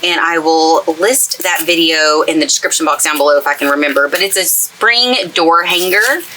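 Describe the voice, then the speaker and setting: A woman's voice: sits low, moderate pace, pushed and bright, a little hiss or hum, low-quality recording. A woman from East Texas with a light East Texas accent, chatting through a crafting tutorial in the craft space of her travel trailer. She gushes happily as she works with her hands. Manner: chatty and gushing, talks while working with her hands. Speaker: craft YouTuber. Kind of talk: casual crafting tutorial chat. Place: craft space inside a toy hauler trailer.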